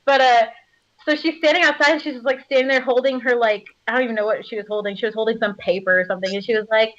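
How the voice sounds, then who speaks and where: A bubbly woman with a fairly high voice, chatting casually in an interview. She laughs often and fills her speech with filler words. The recording sounds slightly muffled. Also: fairly even intonation, very fast. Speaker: voice actor.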